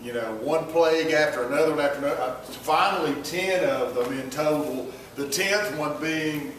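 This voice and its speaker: A man's voice: on the high side, moderate pace, a bit bright, a little hiss or hum. A man preaching informally, retelling a story in a folksy, rambling way with many restarts and asides to the listeners. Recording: very echoey room, mic far off.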